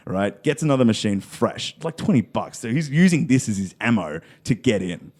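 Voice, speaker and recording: A man's voice: on the low side, moderate pace, few pauses. A man, co-hosting a podcast and telling a long story in casual chat, acting out the voices of the people in it and swearing freely. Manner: animated, acts out quoted voices, heavy swearing.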